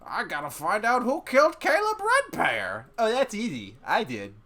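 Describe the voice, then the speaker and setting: A man's voice: high voice, wildly swooping pitch, normal speed, sharp tone, voice pushed up, full character voice. A man doing a goofy sing-song cartoon hero. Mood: goofy boastful.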